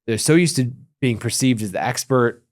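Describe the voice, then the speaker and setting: A man's voice: medium pitch, normal speed. A man hosting a podcast interview, thinking aloud in a reflective, easygoing way. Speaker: podcast host. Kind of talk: casual conversational interview.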